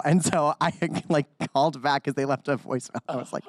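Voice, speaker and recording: A man on a drag panel tells a story in a chatty, giggly way. His voice sits a little high, and the sound is dry. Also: steady tone, normal speed, hardly any pauses, no room sound. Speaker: panel guest, drag performer. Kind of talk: casual chat.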